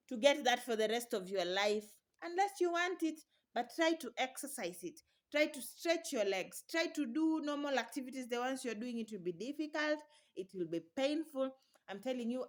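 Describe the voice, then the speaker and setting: Young woman vlogger, casual chat, encouraging, slightly high voice, laughs a lot. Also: fairly bright tone. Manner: chatty and encouraging, laughs often. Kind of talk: casual vlog talk to camera.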